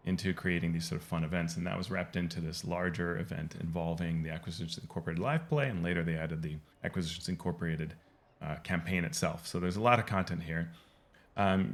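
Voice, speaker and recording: A man talks through a game's lore in loose, casual commentary, often doubling back on his words. His voice sits deep and low. It carries a gravelly rasp at the ends of his phrases. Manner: rambling, full of ums and restarts, explanatory. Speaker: game lore video host.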